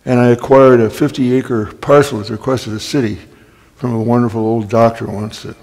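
An older man, a guest speaker, telling wry anecdotes in a storytelling talk and clearing his throat often. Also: medium pitch, fairly even intonation, a little fast, darkish tone. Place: library talk hall. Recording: long hall reverb.

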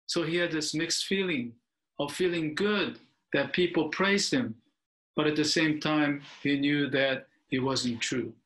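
A man's voice: on the high side, a bit bright, low-quality recording. An older man, a Buddhist minister, reading a picture book aloud within a sermon and stopping now and then to explain it. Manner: slow, with pauses to explain.

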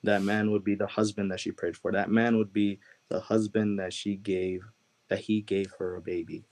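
Low-voiced man sharing his testimony. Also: little pitch movement, darkish tone, low-quality recording. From Chicago, USA. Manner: earnest, halting, with many "like" and "you know" fillers. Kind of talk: personal testimony storytelling.

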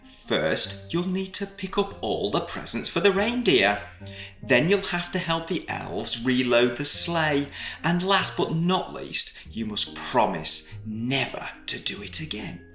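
A man's voice: on the high side, sing-song, slow pace, vocal fry, a bit bright, roomy sound, faint music behind, heavily acted. A man voicing a sweet, earnest little boy in a storybook reading.

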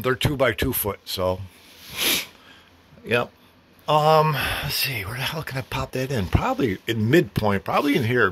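A man's voice: mid-range voice, a bit bright. A man casually vlogging a home-improvement project in his garage, rambling and chatty with mild cursing. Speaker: DIY vlogger.

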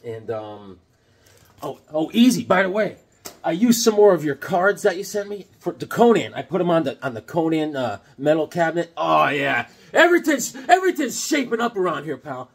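A man's voice: on the high side, very animated, normal speed. A middle-aged man chatting casually about his comic book finds, rambling and joking with silly voices in his stories. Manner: rambling, jokey, puts on silly voices in anecdotes. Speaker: comic book collector vlogger. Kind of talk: casual show-and-tell chat.

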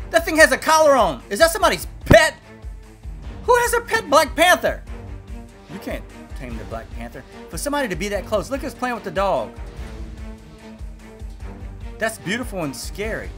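A man hosting a reaction video, cracking quick jokes with sudden loud exclamations. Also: high voice, wildly swooping pitch, soft background music. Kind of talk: jokey reaction commentary.

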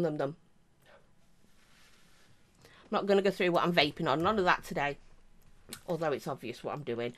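Chatty English woman vlogger, lively. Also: fairly low pitch. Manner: chatty and rambling, with many asides. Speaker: vape reviewer. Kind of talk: casual chat to camera.

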